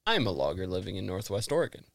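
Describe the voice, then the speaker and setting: Podcast dude reading a story out loud, laughs a lot, swears, trips over words. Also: male voice, low voice, big pitch swings, quick pace, gravelly, no echo. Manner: laughs often, crude swearing, restarts while reading. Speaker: podcast co-host. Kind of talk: casual chat, reading an article aloud.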